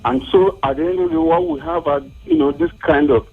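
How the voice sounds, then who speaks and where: A man's voice: a little high, fairly quick, vocal fry, breathy edge. Nigerian man venting on a phone line. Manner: steady, list-like complaint. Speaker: caller.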